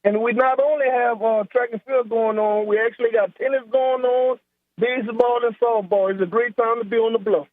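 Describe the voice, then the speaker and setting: A man with a South Louisiana accent, a head track coach, talking in a relaxed, rambling way and repeating words in a phone-in interview. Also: very high voice, normal speed, no echo. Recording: tinny phone line.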